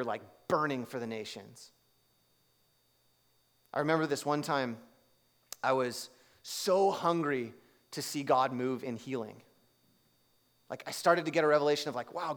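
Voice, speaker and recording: A man preaching a sermon, telling a personal story in a conversational way and acting out the voices in it. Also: medium pitch. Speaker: pastor.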